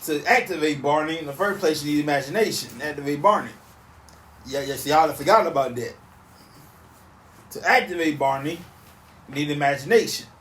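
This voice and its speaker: Man in his thirties, podcast host, emphatic repetitive rant, slightly high voice, roomy off-mic sound. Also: brisk, pauses often, fairly bright tone. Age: 30s. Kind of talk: casual solo rant. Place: back porch outdoors.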